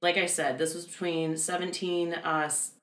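A woman's voice: fairly low pitch, flat delivery, moderate pace. A woman casually retelling a piece of history in a chatty way, full of sarcastic asides and frequent laughs. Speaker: podcast co-host telling history. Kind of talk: casual chat. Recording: echoey room.

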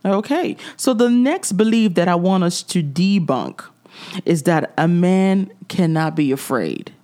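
Woman podcast host, faith talk, preachy and direct, laughs a bit, lowish voice. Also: big pitch swings, measured pace, dark tone. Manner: preachy, direct, chuckling asides.

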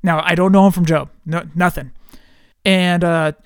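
A man's voice: high voice, fairly even intonation, moderate pace, clean tone, dry recording, clean studio sound. A man in his forties from the US West Coast, hosting a podcast and telling easygoing stories. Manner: easygoing storyteller, laughs often. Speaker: podcast host. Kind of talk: casual chat.

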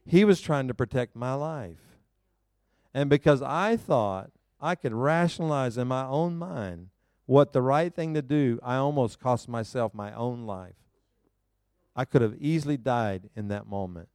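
A male pastor preaching a sermon to a congregation, telling a personal story in an animated, self-mocking way and laughing often. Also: medium pitch, a little slow, no echo, studio quality. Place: church service before a live congregation.

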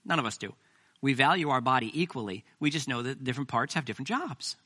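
A man's voice: medium pitch, expressive, quick pace, pushed and bright, husky. A man preaching a sermon as pastor, talking conversationally with self-deprecating jokes.

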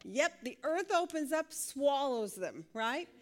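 A woman's voice: sits high, sing-song, slow pace. A woman teaching a Bible study class, asking questions and laughing often.

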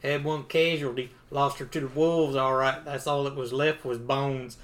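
A man's voice: mid-range voice, fairly even intonation, normal speed, a bit bright, close to an everyday voice. A man voicing a chatty, nerdy frontier man with glasses who rambles on and on. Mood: rambling. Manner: rambling, talks on and on.

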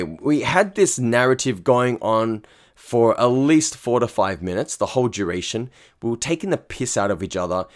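A young man hosting a podcast, giving casual advice in a chatty, slang-heavy way and laughing often. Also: on the low side. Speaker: podcast host and speed dating organiser.

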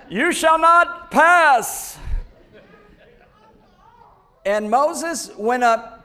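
A man preaching a sermon, emphatic and repeating key phrases to the congregation. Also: extremely high pitch. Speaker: pastor.

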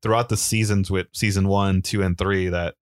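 A man's voice: sits low, fairly even intonation, no room sound, clean studio sound. A man co-hosting a casual podcast, chatting loosely and recapping a wrestling match. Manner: easygoing, rambling with fillers, quick laughs. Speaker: podcast co-host.

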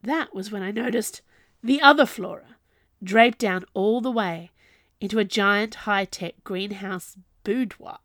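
A woman reading a story aloud as narrator, in an expressive, lively storytelling manner. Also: medium pitch, measured pace, dry recording, studio quality. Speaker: audiobook narrator. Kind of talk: scripted narration.

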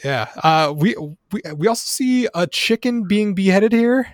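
Male co-host, raised pitch, dry close mic, chatty trivia reader with lots of "uh"s. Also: animated, normal speed, no echo. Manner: laughs often, reads trivia with fillers. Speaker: podcast co-host reading trivia notes. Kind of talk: casual movie discussion.

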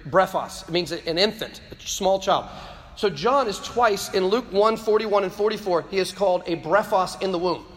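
Male speaker, high voice, fervent preaching delivery, stammering repeats for emphasis, long hall echo; addressing students. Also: normal speed. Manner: impassioned, repeats words when stressing a point. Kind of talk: preaching-style talk to a live audience.

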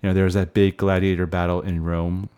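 Brief: man, 40s, very low voice, relaxed podcast host steering a movie talk. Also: a little fast, clear, resonant tone. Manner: steers the talk, hands off questions. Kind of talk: casual film review chat.

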